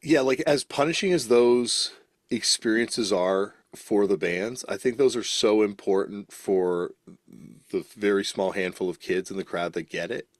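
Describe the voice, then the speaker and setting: Male podcast host, low voice, dry close sound, easygoing. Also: unhurried, no room sound. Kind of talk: casual interview chat.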